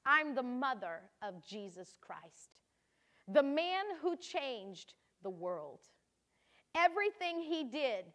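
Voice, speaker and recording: A high, heartfelt voice of a devoted mother pouring out her diary, as an older woman reads her part, earnest and full of feeling. The voice rises high and carries emotional weight. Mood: proud. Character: grieving then joyful mother of a holy son.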